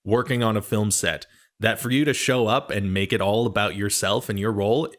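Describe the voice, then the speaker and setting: A man co-hosts a podcast, talking in a casual, chatty way and laughing often. His voice sits a little low. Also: fairly even intonation, a little fast. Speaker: podcast co-host.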